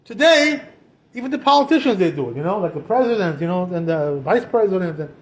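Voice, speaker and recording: Chatty rabbi. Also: male voice, high-pitched, a little fast. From Israel. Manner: chatty, peppers speech with "you know" and "right?"; animated, acts out quoted voices. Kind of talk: informal Torah talk.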